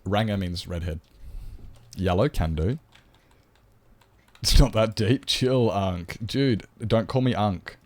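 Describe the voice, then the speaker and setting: A man's voice: lowish voice, slow, pauses often, dry recording. An Australian man chatting bluntly and swearing to viewers during a casual live stream. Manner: blunt and sweary, rambling, chats to viewers while gaming.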